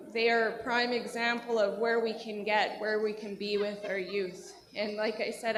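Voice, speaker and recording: A woman's voice: on the high side, fairly bright tone, a little hiss or hum, rough recording. A woman, a powwow president, giving heartfelt, rambling closing remarks to an outdoor crowd, with many fillers.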